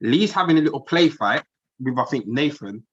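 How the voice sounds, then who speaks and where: A man's voice: medium pitch, animated, moderate pace. A man from telling a rambling story in casual podcast chat. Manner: rambling, repeats himself while telling a story. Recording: dull lo-fi podcast audio.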